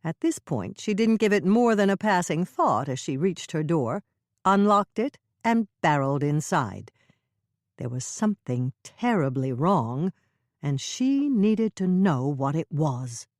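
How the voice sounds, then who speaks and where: A woman narrating a mystery audiobook with expressive storytelling. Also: sits low, a little slow, no echo, studio quality. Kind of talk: scripted narration.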